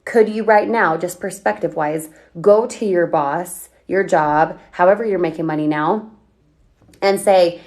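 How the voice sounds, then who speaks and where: A woman coaching on a livestream, talking energetically and firing off questions at her viewers as she reads their comments. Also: fairly low pitch. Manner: energetic, chatty, asks rapid questions. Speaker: online business coach.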